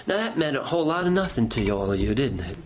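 A man's voice: mid-range voice, sing-song, quick pace, a little hiss or hum. A middle-aged male pastor preaching a sermon, telling stories in a folksy way and asking the congregation questions.

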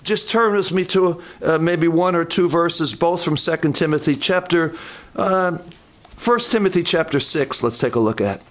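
A man's voice: a little high, moderate pace. A man preaching a sermon in church, emphatic and questioning his congregation.

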